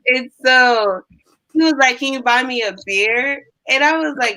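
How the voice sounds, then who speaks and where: A young woman chatting casually, telling animated stories and acting out what people said. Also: high-pitched, normal speed, rough recording. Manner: animated storyteller, acts out quotes. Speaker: guest. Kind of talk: casual storytelling chat.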